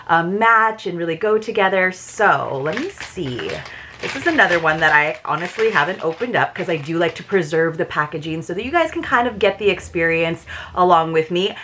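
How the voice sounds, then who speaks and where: A woman's voice: sits low, a bit bright. A woman chatting in a casual, enthusiastic way as she unboxes a book subscription and reviews it.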